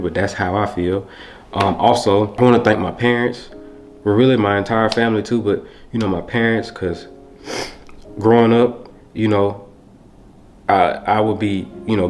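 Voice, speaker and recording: A young man vlogging to camera in a heartfelt, rambling way, speaking. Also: lowish voice. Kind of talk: casual talk to camera.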